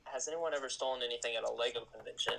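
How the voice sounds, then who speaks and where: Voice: mid-range voice, racing, vocal fry, pushed and bright, slight background noise, poor audio. A caller on a livestream, chatting casually in a rambling, playful way. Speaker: caller on the stream. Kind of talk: casual chat.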